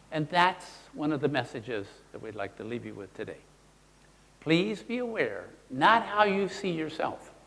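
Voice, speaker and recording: A man presenting a live workshop, playful and animated, quizzing the audience as he teaches. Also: high-pitched, creaky, in a large hall. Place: seminar room with an audience.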